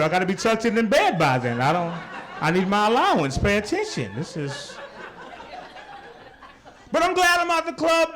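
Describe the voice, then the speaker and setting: A young adult man performing a stand-up routine on a club stage, teasing the crowd in an animated way. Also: sits high. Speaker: stand-up comedian. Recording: live club recording with audience noise.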